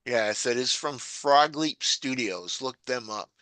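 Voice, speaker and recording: A man's voice: animated, a little slow, sharp tone, no room sound. A man, rambling through stories in casual chat on a video call. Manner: rambling storyteller, mimics people in a high voice. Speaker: meeting participant.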